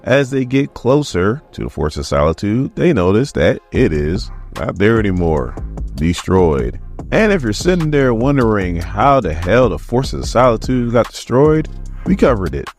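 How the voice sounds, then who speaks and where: A man hosting a comic book channel, recapping a story in a casual, slangy, animated way. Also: on the low side, moderate pace, faint music behind.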